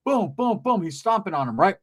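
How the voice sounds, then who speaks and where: A man telling a comedic street story in profane slang, in an animated way. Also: high-pitched, a little fast, slight background noise.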